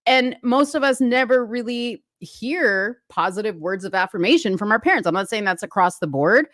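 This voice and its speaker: A middle-aged woman co-hosting a casual political talk show, animated and quick to laugh. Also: medium pitch, dry recording, clean studio sound. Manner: animated, laughing, frequent "like" fillers. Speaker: co-host. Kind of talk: casual political commentary chat.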